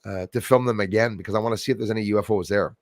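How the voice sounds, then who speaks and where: A man's voice: lowish voice, fairly even intonation, very fast, no echo, studio quality. A man hosting a casual livestream chat, rambling and emotional, swearing freely. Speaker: host.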